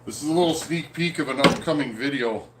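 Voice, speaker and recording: A man hosting a live video stream, greeting viewers one by one as their comments come in. He talks in a relaxed, friendly way, with plenty of "um" and "uh" pauses. His voice sits at an ordinary middle pitch for a man. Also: very noisy. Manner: friendly and easygoing, frequent "um" and "uh" pauses. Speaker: host of a livestream on chainsaw repair. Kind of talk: casual live chat, reading viewer comments aloud. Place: at home in a snowy area.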